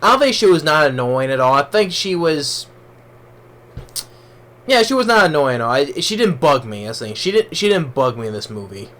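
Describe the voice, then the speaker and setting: A man's voice: fairly high pitch, big pitch swings, moderate pace, a bit bright. A man giving a casual spoken movie review, rambling along with many restarts and fillers.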